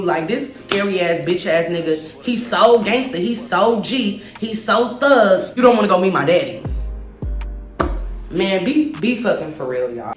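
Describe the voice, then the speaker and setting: A woman vlogger telling a casual story, animated, blunt and profane, talking straight to her viewers. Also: mid-range voice. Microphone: phone. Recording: roomy echo with faint music.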